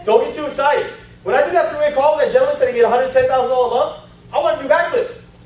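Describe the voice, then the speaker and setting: A man giving an energetic, animated seminar talk to a room of people, acting out stories in voices. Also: very high voice, fast. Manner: animated storytelling with acted-out voices. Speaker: network marketing trainer. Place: large meeting room. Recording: echoey hall from far off.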